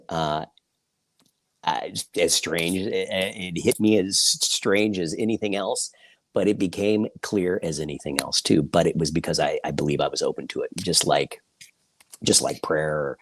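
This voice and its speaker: A man, an author and journalist, talking reflectively in an interview, pausing often with fillers. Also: deep voice, dry recording. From Kansas City, United States. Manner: reflective, halting with many fillers. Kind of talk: interview conversation.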